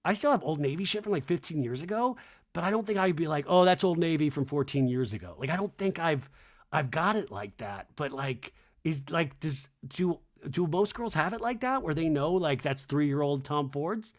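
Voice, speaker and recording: Casting note: chatty male podcast host, slightly high voice, rambling recap with wry asides. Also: expressive, normal speed. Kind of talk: casual recap commentary.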